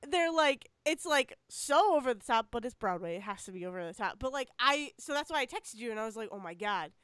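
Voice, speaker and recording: A woman's voice: high voice, lively intonation, a little fast, fairly bright tone, smooth, dry recording, clean studio sound. A woman co-hosting a podcast in casual chat, chatty and laughing, with lots of fillers. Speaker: podcast co-host.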